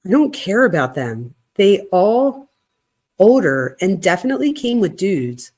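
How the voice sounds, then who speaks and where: A woman's voice: medium pitch, big pitch swings, measured pace, a little mellow. A woman reading aloud the offhand, slangy text messages of a young man to his girlfriend.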